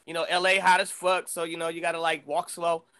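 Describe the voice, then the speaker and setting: A middle-aged man from the Bay Area talks as a podcast guest, winding through a story with restarts and swearing. His voice sits high for a man. It has a bright, forward edge. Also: fast, clean tone. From San Francisco Bay Area. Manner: animated, profane storyteller, many restarts. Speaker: guest rapper. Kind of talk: casual storytelling chat.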